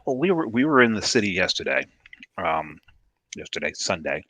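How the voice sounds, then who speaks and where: Teasing low-voiced New man. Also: sing-song, moderate pace, pushed and bright. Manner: teasing, stumbling restarts. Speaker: co-host. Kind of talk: casual chat.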